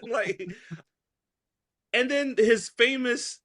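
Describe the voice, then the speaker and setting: High-pitched man, podcast co-host, casual chat, animated and laughing. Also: slow pace, pauses often. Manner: animated, laughing, playful storytelling.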